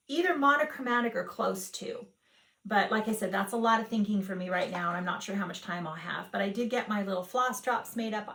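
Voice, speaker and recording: A woman's voice: mid-range voice, vocal fry, roomy sound. A woman hosting a stitching vlog, chatting casually and rambling, often breaking off and restarting her sentences. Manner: rambling, warm-hearted, self-interrupting. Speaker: flosstube host. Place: home room, hard laminate floor.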